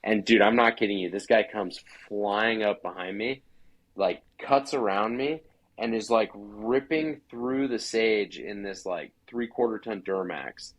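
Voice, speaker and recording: A man's voice: on the low side, measured pace, rough recording. A man from Idaho, a podcast guest, telling a hunting story in a chatty way full of "like" fillers. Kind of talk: casual storytelling.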